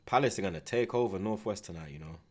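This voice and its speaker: A man's voice: sits low, fast talker. Slang-heavy man hosting a watchalong. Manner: animated slang-heavy banter, shouting on big moments. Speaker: streamer hosting a live match watchalong. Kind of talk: live football watchalong commentary.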